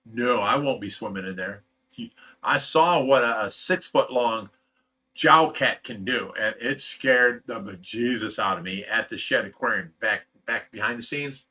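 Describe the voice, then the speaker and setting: A man's voice: mid-range voice, unhurried, bright, forceful tone. A man hosting a casual livestream, reading out viewer comments and answering them in a loose, blunt way with frequent chuckles. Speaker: fish rescue host reading viewer comments.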